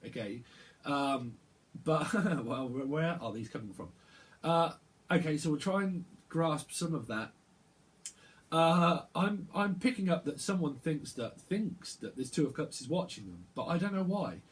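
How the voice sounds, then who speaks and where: A man giving a channeled tarot reading, rambling and halting, often repeating words as he picks up messages. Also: fairly high pitch, animated. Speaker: tarot reader.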